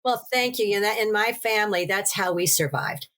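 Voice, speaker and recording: A woman, a podcast guest and author, telling her story in an interview in a lively way, with restarts. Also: mid-range voice, moderate pace. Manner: animated storytelling with laughs and restarts.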